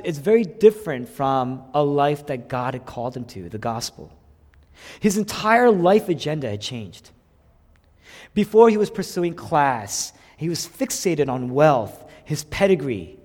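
A man preaching a sermon as pastor, swinging from hushed lines to loud emphatic ones. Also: fairly high pitch, very animated, moderate pace, long reverb tail.

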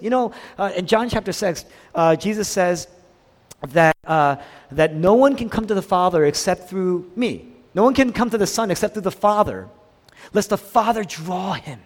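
Pastor, male, dynamic sermon delivery with hushed drops; slightly raised pitch; reverberant hall. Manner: dynamic preaching, swinging from loud emphasis to hushed quiet.

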